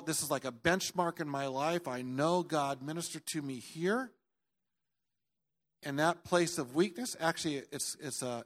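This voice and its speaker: Animated pastor preaching with big swings. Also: male voice, fairly high pitch. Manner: animated storytelling, swinging from loud outbursts to quiet earnest tones; jokey asides. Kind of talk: sermon.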